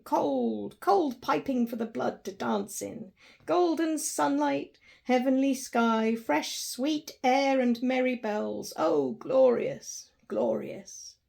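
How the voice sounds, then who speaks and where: A woman narrating a classic story with an expressive, dramatic reading. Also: high-pitched, vocal fry.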